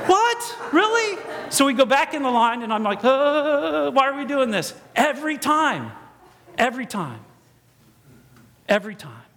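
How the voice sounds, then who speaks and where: A man preaching a storytelling sermon in a church, animated and acting out bits of dialogue in different voices. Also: very high voice. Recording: long echoey church reverb.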